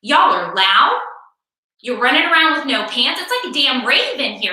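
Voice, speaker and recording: A woman's voice: high-pitched, big pitch swings, moderate pace, bright, forceful tone. A middle-aged woman doing a stand-up comedy routine from home, ranting in a sarcastic, exasperated way and repeating words for effect. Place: home room, performing for a virtual show. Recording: very echoey room, far from mic.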